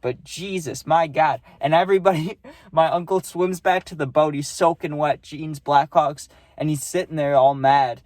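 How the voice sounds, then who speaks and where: A man's voice: a little high, steady tone, normal speed, darkish tone, dry recording. A young man, rambling through a casual storytime and tagging lines with "right?". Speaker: vlogger.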